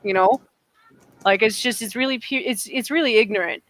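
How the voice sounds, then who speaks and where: A woman with a fairly high voice holds forth in casual podcast chat, emphatic and opinionated and often restarting her sentences. The sound is dry and close, with no room in it. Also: fairly quick, dry recording. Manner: animated, emphatic, with frequent restarts. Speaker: podcast co-host.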